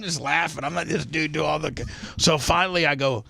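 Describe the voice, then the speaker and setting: Brief: man, radio host, bright forceful voice, dry close sound, rambling storyteller. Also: a little high, fast, creaky, hardly any pauses, no room sound. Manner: rambling anecdote with restarts. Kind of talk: casual talk radio storytelling.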